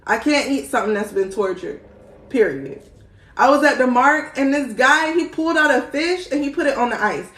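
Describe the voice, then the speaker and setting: A woman's voice: sits high, animated, normal speed, fairly bright tone. A young woman, chatting casually on a live stream, slangy and swearing freely, laughing often. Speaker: spiritual livestream host. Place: indoor room, live stream. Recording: roomy echo.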